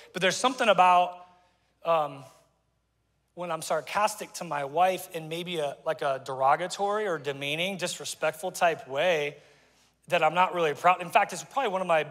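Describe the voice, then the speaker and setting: High, bright-voiced pastor in a hall. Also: male voice. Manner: conversational, joking asides to the congregation. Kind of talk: sermon. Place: church auditorium. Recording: long church hall reverb.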